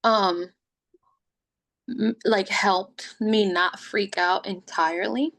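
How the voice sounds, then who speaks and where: A woman sits at home telling her story on a podcast. She talks casually and with energy, and her voice sits at a medium pitch. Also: takes it slowly. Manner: lively, acts out quoted voices. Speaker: podcast guest.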